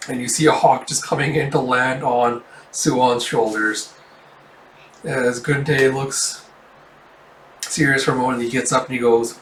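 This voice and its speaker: A man reads through a comic in a chatty, relaxed way, voicing sound effects as he goes. His middle-pitched voice echoes in a room, set back from the mic. Faint background noise sits under it. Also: measured pace, long pauses, distant mic. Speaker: manga reader. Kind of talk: casual comic readthrough.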